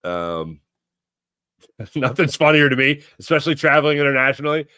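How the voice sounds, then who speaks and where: A man's voice: medium pitch, expressive, normal speed, bright, forceful tone, clear, resonant tone, no room sound, clean studio sound. A man with a Philadelphia accent hosting a sports talk show, chatting casually and rambling as he corrects himself mid-story. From Philadelphia area, USA. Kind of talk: casual chat, answering live chat.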